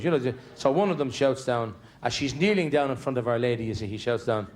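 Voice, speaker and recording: A man's voice: medium pitch, fairly quick, darkish tone. A man with an Irish accent doing stand-up, telling chatty, rambling family stories with comic restarts. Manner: chatty, digressive, stumbling restarts for comic timing. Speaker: stand-up comedian. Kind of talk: stand-up storytelling.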